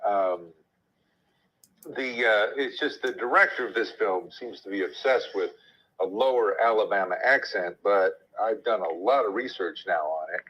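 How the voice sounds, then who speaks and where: Actor guy explaining stuff thoughtfully, lowish voice, muffled lo-fi sound. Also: normal speed, breathy edge. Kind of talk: casual chat in an audio room.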